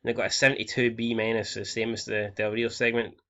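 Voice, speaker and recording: A man's voice: fairly low pitch, level tone, fast, sharp tone, lo-fi sound. A man in his twenties from Scotland, casually commentating on a game he is playing, swearing freely and reading out scores and ratings. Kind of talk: casual let's-play commentary.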